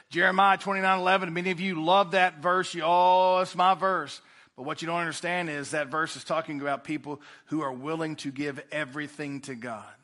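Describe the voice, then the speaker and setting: Bright-voiced preacher man. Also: on the high side. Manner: preaching with rising and falling intensity. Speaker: pastor. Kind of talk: sermon.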